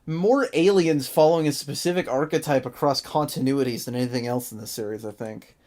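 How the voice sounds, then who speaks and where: An animated podcast host talking through a cartoon episode with co-hosts in relaxed review chat. The voice sits at an ordinary middle pitch and moves from flat recap to sudden incredulous outbursts, with frequent laughs. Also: fairly quick. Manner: animated, exasperated, laughs often.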